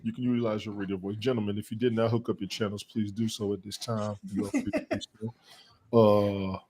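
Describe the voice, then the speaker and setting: Laid-back slangy host, low voice. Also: male voice, little pitch movement, brisk, darkish tone, slightly rough. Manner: laid-back, slangy, repeats words when starting. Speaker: podcast host. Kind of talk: casual sports chat.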